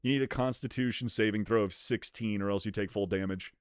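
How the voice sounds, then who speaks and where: A man's voice: fairly even intonation, fairly quick, clear, resonant tone, no echo, clean studio sound. A male streamer in casual chat with his viewers, rowdy, jokey and profane, bursting into rants. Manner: rowdy, profane and jokey, ranting with pitch jumps.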